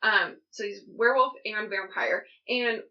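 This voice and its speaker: A woman's voice: mid-range voice, measured pace, muffled recording. A young woman co-hosting a podcast, chatting with enthusiasm and plenty of fillers. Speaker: podcast co-host. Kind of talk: casual chat.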